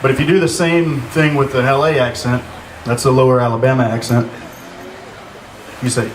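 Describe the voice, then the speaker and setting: A man's voice: medium pitch, level tone, normal speed. Hesitant man giving an informal eulogy. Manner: hesitant, many "uh" fillers, dry humor. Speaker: memorial speaker. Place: outdoor gazebo. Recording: echoey, distant, noisy.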